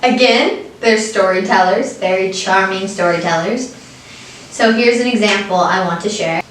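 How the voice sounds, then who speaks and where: A woman co-hosting a casual vlog, chatting and explaining phrases with quick examples. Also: medium pitch, slight background noise. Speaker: vlog co-host. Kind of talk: casual chat. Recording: echoey room, mic far off.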